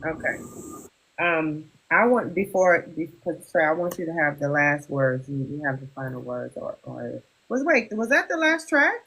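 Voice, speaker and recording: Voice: medium pitch, very animated, normal speed, creaky, pushed and bright, husky, rough recording. A talk-show host speaking earnestly and emotionally in casual chat, often repeating phrases.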